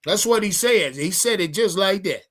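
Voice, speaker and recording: A man's voice: high-pitched, animated, moderate pace, a bit bright. A man ranting to his livestream chat about his football team, heated and profane, repeating himself as he talks. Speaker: sports fan streamer. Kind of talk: profane livestream sports rant.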